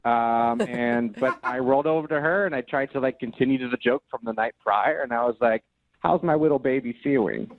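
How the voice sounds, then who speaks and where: A man's voice: medium pitch, fairly even intonation, a little fast, hardly any pauses, a crowd in the background. Sheepish young man on a phone line. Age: 20s. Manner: sheepish, rambling storytelling. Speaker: caller. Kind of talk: phone call to a radio show.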